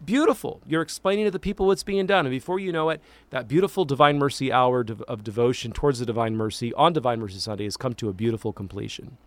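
Priest radio host, male, mid-pitched, dry studio mic, emphatic and lively when answering mail. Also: quick pace, few pauses, no echo. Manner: animated, emphatic teaching with repetitions. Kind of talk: answering listener questions on call-in radio.

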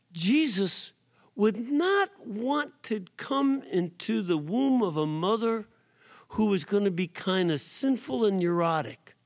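A man, a priest, giving an emphatic sermon in a prison, rising to loud accents and sometimes dropping to a whisper. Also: gravelly. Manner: slow, emphatic preaching with sudden rises in pitch and volume; drops to a soft whisper for effect. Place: prison chapel or hall.

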